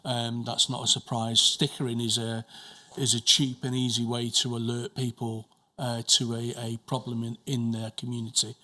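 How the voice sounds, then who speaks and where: Guy answering questions as a witness at an inquiry, bright edgy voice, keeps stumbling and restarting. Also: medium pitch, flat delivery, moderate pace. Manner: hesitant, with frequent restarts and repeated words. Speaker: witness giving evidence.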